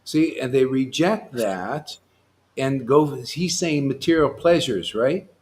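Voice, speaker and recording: A man leading an online devotional class, talking in an animated, impassioned way that swings between loud urging and soft asides. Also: mid-range voice, slow pace, a little hiss or hum. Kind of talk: impassioned casual teaching.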